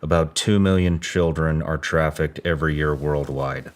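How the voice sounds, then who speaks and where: Man, host, extremely deep voice, measured, direct. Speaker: podcast host. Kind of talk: interview questions and reading facts.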